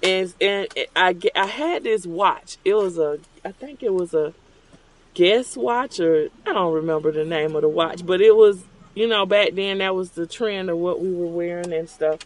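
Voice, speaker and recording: A man's voice: sits high, normal speed, a little hiss or hum. A middle-aged man hosting a show, telling a rambling, conversational story from his car at a drive-thru. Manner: rambling, conversational, acts out remembered dialogue. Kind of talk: casual storytelling while ordering at a drive-thru.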